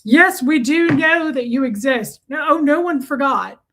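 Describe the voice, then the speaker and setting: Woman streamer, casual, teasing, high-ish voice, live chat host. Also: a little slow, noisy background. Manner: chatty, teasing, warm toward chat. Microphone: streaming mic.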